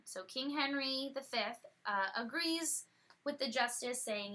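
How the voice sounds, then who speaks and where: Bright-voiced woman retelling a story casually. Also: high voice, unhurried. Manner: chatty and slangy, with playful paraphrased quotes. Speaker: presenter summarizing a story.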